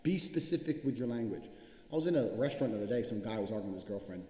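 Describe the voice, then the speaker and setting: A man with a lowish, warm voice speaks very fast and expressively in a motivational talk that's blunt and profane. Repetition drives his points. Long reverb from an echoey hall surrounds him.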